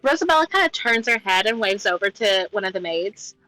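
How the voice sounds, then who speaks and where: A woman's voice: medium pitch, expressive, brisk, pushed and bright, no echo, faint music behind, low-quality recording. A woman playing a tabletop role-playing game, chatty and hedging with fillers. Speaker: player.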